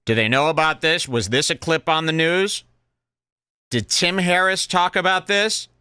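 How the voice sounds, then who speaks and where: A man hosting a podcast, giving sarcastic, animated commentary on a comedy clip. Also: fairly high pitch, measured pace, smooth, no room sound, studio quality. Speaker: podcast host.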